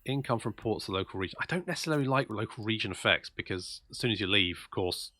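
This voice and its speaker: A man's voice: lowish voice, lively intonation, fast talker, bright, forceful tone, dry recording. A man commentating his own strategy game play, thinking aloud and muttering asides as he goes. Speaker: gameplay commentator.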